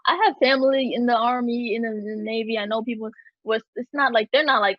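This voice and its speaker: A woman's voice: fairly high pitch, steady tone, quick pace, no echo, highs cut off. A young woman hosting a heated casual discussion, talking emphatically with many fillers and restarts. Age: young adult. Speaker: host.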